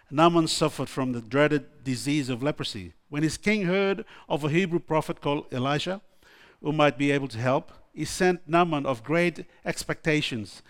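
A man preaching a sermon, reading scripture aloud with frequent restarts and stumbles. His voice sits a little high for a man, and he breaks into exclamations between verses.

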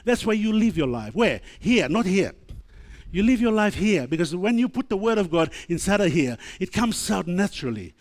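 Male preacher, emphatic call-and-response sermon, high and very lively pitch. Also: moderate pace. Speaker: pastor.

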